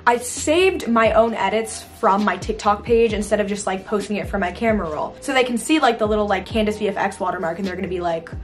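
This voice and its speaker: A woman's voice: mid-range voice, fast, hardly any pauses, faint music behind. A young woman chatting casually in a playful, self-mocking vlog. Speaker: video creator.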